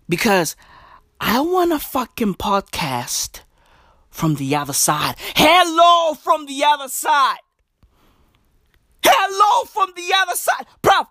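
A high-voiced woman rants like a comedian, her pitch leaping all over the place. She talks slowly and drags out her words, swears constantly and shouts to hammer her points home. The sound is close and dry, with no room around it. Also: no echo. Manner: loud, profane and slangy, often shouting. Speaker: podcaster. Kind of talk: comedic rant.

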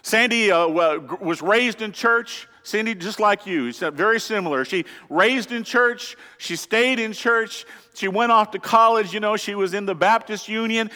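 Male pastor, high voice, earnest emphatic sermon, rhetorical questions, long church reverb. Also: moderate pace, hardly any pauses, sharp tone. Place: church sanctuary.

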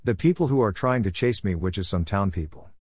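A man voicing an eager young male cat in a read-aloud storybook, a low voice raised a little for the role. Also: animated, fairly quick, a little mellow, breathy edge, dry recording, clean studio sound.

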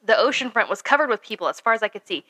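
Woman host reading aloud with giggly self-mockery, sharp bright tone. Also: a little high, animated, very fast. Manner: giggly, self-mocking reader. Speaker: podcast host. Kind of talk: reading her childhood story aloud with banter.

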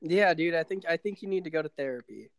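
A man's voice: fairly high pitch, expressive, fast, gravelly, dry recording. A young man hosting a casual podcast, laid-back and hesitant, with lots of fillers. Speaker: podcast host.

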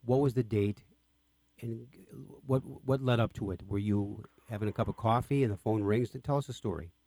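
A man with a lowish, mellow voice hosts an interview, recorded dry and close. He prompts his guest eagerly, asking questions and reacting with enthusiasm. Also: normal speed, no echo. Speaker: radio interview host. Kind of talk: interview conversation.

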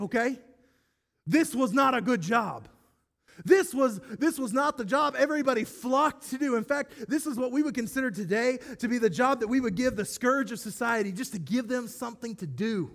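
A man's voice: very high-pitched, normal speed. A male pastor preaching a sermon in an enthusiastic, conversational way, with self-deprecating humor.

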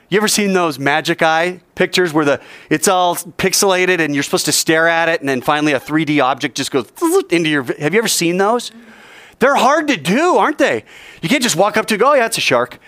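A male teacher giving an animated classroom lecture, quizzing the class and joking as he goes. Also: on the high side, fairly quick, no echo.

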